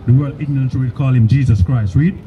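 A man preaching on a city street, arguing forcefully and calling the other man brother. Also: medium pitch, a little fast, lo-fi sound, a little hiss or hum.

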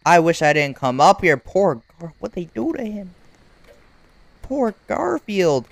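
A gaming YouTuber giving unedited play-by-play commentary, talking in casual slang and reacting loudly to what happens on screen. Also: medium pitch, moderate pace, no echo. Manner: excitable, reacts loudly to game events; casual slang-filled chatter. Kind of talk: unedited live gameplay commentary.

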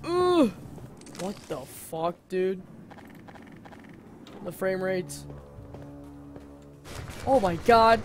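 Excitable young man swearing through a game. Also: sits high, slow pace, long pauses, soft background music. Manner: excitable, swears constantly, yelps and gasps at scares. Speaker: gaming channel host. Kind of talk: live let's-play commentary. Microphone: home desk mic that glitches.

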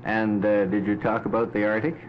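A man with a lowish voice asks courteous questions in a formal broadcast style. The recording is dull and lo-fi, from the 1950s. A faint hiss sits underneath. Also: level tone, fairly quick. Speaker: interviewer.

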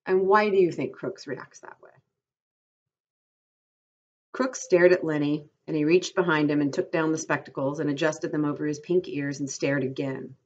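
A woman teacher reads a novel aloud in a low, steady voice, stopping now and then to question her class. Her voice is even and clear. The recording sounds dull and lo-fi. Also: moderate pace.

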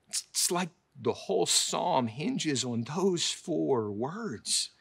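A man preaching a sermon as pastor, emphatic, with sudden loud high peaks and soft low asides, repeating words for emphasis. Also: animated, takes it slowly, vocal fry, slightly rough.

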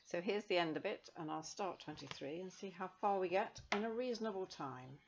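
A woman reads a children's novel aloud in a gentle, measured way. Her voice sits low with a gravelly texture. The recording sounds dull and lo-fi. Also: animated, background noise. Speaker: reader.

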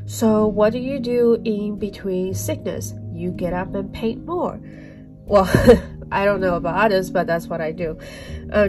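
A woman's voice: on the low side, rough recording. A woman with a nasal voice from a cold, hosting a casual, chatty painting tutorial and joking about herself. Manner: chatty, self-deprecating, joking. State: has a cold. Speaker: art tutorial host.

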